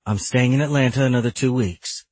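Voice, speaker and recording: A man voicing a demanding ex-wife with a strong Southern US accent, pushy and dismissive in a husky voice. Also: mid-range voice, brisk, a little mellow, pitched above the performer's own voice, lightly acted. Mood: curt.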